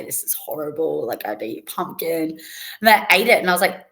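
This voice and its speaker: Low-voiced young woman telling stories. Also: lively intonation, fast talker, sharp tone. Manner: chatty storytelling, laughs often. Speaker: podcast guest. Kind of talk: casual interview chat.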